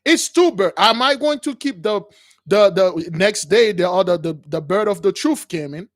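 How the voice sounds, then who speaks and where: High-pitched man preaching on a call-in show. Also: lively intonation, moderate pace, no room sound, studio quality. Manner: emphatic, repetitive, keeps addressing listeners as brothers. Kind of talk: preaching to callers.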